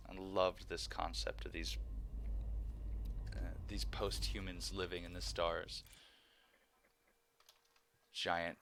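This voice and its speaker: A man in his thirties chatting casually on a live stream, animated and laughing often with nerdy enthusiasm. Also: low-pitched, a little hiss or hum.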